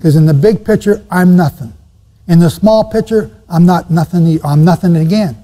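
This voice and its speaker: In a room with a seated audience and long hall reverb, a man speaking at normal speed in a high, dark-toned voice teaches Bible prophecy with emphasis, repeating key phrases and quizzing his listeners.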